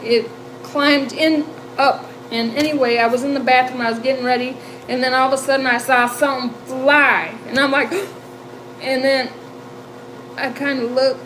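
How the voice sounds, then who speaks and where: A woman in her fifties hosting a livestream, telling a story in a chatty, animated way and laughing often. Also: high-pitched, normal speed, slight background noise, low-quality recording. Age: 50s. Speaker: livestream host. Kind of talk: casual storytelling chat. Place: home.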